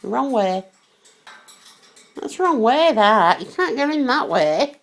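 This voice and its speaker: A British woman talks to her pet parrot in a coaxing, sing-song manner. Her voice sits high and swoops widely up and down, and she takes her time over each phrase. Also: very animated, takes it slowly. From United Kingdom. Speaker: pet owner.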